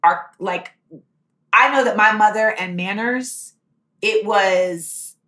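An American woman telling stories as a guest in a casual chat, animated and acting out the voices of the people in them. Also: medium pitch, slow, echoey room.

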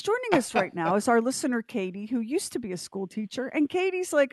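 A female radio host with a lively voice that moves up and down as she sets up a segment. She sounds expressive and openly incredulous, recorded close and dry. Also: sits high, fairly quick, hardly any pauses, no echo. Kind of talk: radio show introduction.

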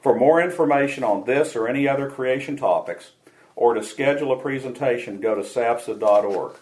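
A man hosting a radio show, reading a scripted dialogue aloud in a measured way. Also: medium pitch, a little mellow, low-quality recording.

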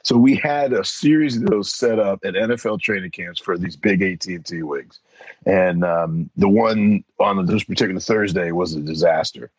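A man's voice: low-pitched, normal speed, breathy edge, dry recording, rough recording. A middle-aged man, an interview guest, telling casual stories and acting out the voices of the people in them. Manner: animated, acts out voices in anecdotes. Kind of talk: casual storytelling.

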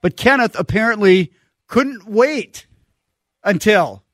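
Male radio co-host, high voice, easygoing headline reader, dry studio sound. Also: expressive, takes it slowly, a bit bright, no room sound. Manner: loose and joking, with restarts. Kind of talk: casual radio chat and news reading. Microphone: studio microphone.

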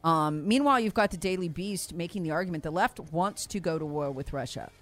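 A woman's voice: on the low side, brisk, faint music behind. A woman giving emphatic political commentary, repeating her points and acting out what others said. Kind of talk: animated political talk.

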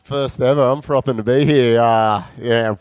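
A man's voice: medium pitch, fairly even intonation, normal speed, darkish tone, clear, resonant tone, dry recording. An Australian man, a pro surfer guest on a live podcast, chatting in a laid-back, friendly way. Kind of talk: casual chat. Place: live show in a pub venue.

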